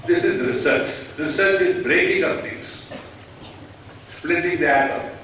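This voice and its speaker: An older man giving a slow, reflective spiritual discourse to a gathering, recorded in a large hall. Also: a little high, pushed and bright, a little hiss or hum. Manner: slow, reflective, voices the Lord in dialogue. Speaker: spiritual teacher. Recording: very echoey hall, from far off.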